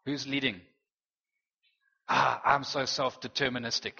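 A man's voice: mid-range voice, normal speed, sharp tone. A man preaching a morning sermon as pastor, reading scripture aloud with rising dramatic intensity and wry asides. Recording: dull lo-fi audio in a reverberant hall.

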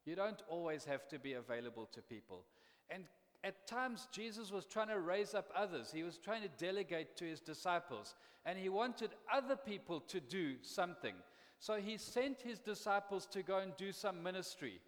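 A man's voice: high-pitched, animated, moderate pace, fairly bright tone. A man pastor preaching a sermon in a conversational, impassioned way, often repeating words as he builds up steam. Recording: long reverb of a large hall.

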